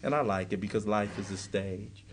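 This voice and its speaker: A man with a lowish voice speaks at normal speed to a live audience at a recovery workshop held in a meeting room. He's blunt and emphatic, driving points home with short, repeated lines. A little hiss or hum is audible.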